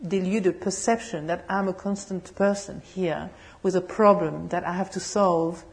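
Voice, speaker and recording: A woman nun giving a dharma talk, humorous and animated, with a slightly low voice. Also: measured pace. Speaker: Buddhist nun and meditation teacher.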